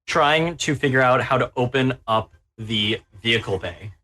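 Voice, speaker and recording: Guy gm narrating a sci-fi horror tabletop game, sounds gleeful, mid pitch. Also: moderate pace, bright, forceful tone. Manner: gleeful, relishing the players' peril. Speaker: game master.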